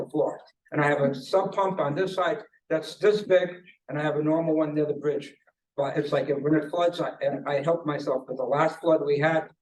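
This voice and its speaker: A man's voice: a little high, darkish tone, distant mic, poor audio. Older man rambling from across a room. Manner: rambling, anecdotal, halting restarts. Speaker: public commenter. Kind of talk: public comment at a hearing. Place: government conference room.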